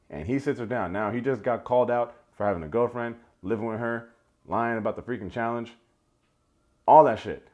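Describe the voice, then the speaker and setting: With a low-leaning, darkish voice, this man does a comedic reality show recap of a dating program. He's sarcastic and playful throughout, throwing in mock impressions of the people he quotes.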